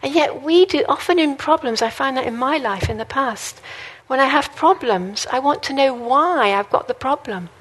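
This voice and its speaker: A woman's voice: high-pitched, animated, normal speed, hardly any pauses. A woman preaching a sermon in an earnest, conversational way, mixing in personal stories. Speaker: guest preacher.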